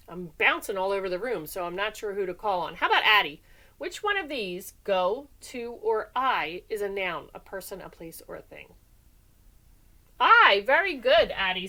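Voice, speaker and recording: A woman teaching a recorded class lesson, animated and sing-song, calling on students by name in a classroom. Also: a little high. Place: classroom with whiteboard.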